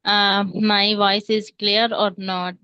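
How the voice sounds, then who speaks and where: A woman's voice: mid-range voice, flat delivery, takes it slowly, bright, forceful tone, smooth, dry recording, highs cut off. A woman learning English, chatting eagerly in an online class with frequent fillers. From India. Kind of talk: English speaking practice. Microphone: online class audio.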